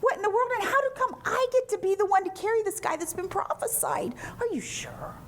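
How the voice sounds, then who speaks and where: A woman's voice: extremely high pitch, animated, a little fast, slight background noise, pitched above the performer's own voice. A woman voicing Mary, a startled, anxious teenage girl, rambling in a flustered way. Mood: disbelieving.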